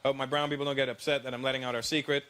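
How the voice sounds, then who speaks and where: A man with a Canadian accent doing a brash, animated stand-up comedy routine on stage. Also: mid-range voice, rapid-fire. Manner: brash, animated, mock-confidential. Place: stage before a live audience. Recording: loud noisy live stage recording.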